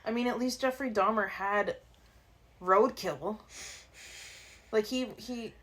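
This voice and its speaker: A woman co-hosting a true-crime podcast, recounting cases in a relaxed, rambling way. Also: mid-range voice, takes it slowly. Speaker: podcast co-host. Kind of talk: casual storytelling chat.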